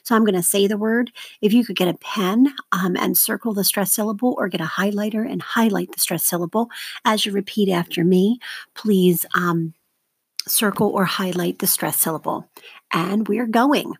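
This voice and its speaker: A woman's voice: mid-range voice, normal speed, slightly rough, dry recording. A woman teacher talking her class through a recorded vocabulary lesson, informal and chatty, drifting into asides. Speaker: middle school teacher.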